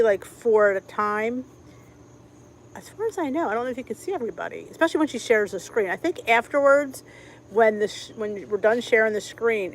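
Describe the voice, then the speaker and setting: A woman's voice: mid-range voice, a little hiss or hum, low-quality recording. A middle-aged woman with a Philadelphia accent, chatting casually on a live stream from home and greeting viewers by name. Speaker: cooking channel host.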